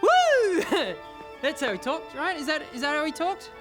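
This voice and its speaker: A woman's voice: high voice, sing-song, normal speed, faint music behind, voice pushed up. Woman putting on a whooping flamboyant vampire man. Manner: whooping, giggly, over the top. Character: flamboyant male vampire showing off.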